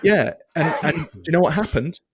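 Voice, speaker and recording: A man, a podcast guest telling stories in a casual, animated way with many restarts. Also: on the high side, a little fast, breathy edge. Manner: animated, chatty storyteller with many restarts and fillers. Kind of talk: casual storytelling interview.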